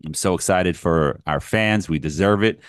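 Excited ranting man, low voice. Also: smooth, no room sound, clean studio sound. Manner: excited, ranting, fast bursts. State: tired, short on sleep. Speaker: podcast co-host, Knicks fan. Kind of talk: casual sports chat.

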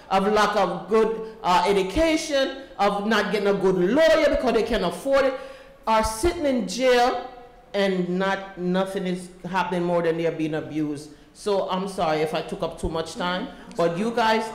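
A woman, a mother and volunteer, giving an emotional, pleading personal testimony to an audience. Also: mid-range voice. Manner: emotional, pleading, voice rising as she speaks. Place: large echoey room with an audience. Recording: roomy echo, faint room noise.

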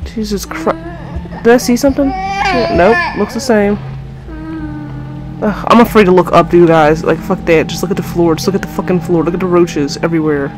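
A woman's voice: fairly low pitch, expressive, moderate pace. A young woman playing a horror game, commenting to her viewers, easily frustrated and swearing often, with faint music behind her. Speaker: gamer.

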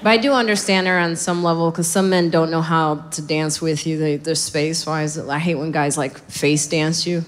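A woman comedian performing a stand-up set, animated and acting out bits of dialogue. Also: low voice, moderate pace, hardly any pauses, a little hiss or hum. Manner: animated, acts out dialogue with voice jumps.

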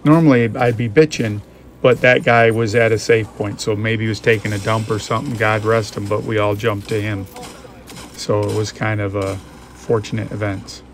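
Gaming YouTuber, male, mid pitch, gravelly, rambling and reflective, faint hiss under the voice. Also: level tone, moderate pace. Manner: rambling, reflective, thinks aloud. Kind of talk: casual musing commentary over gameplay.

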